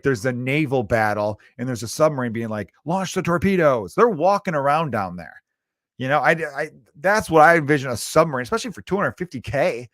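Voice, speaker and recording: This Chicago stand-up comedian's voice is a little high with a fairly bright tone as he hosts his comedy podcast. His solo rant is riffing, profane, and exasperated, recorded dry at studio quality.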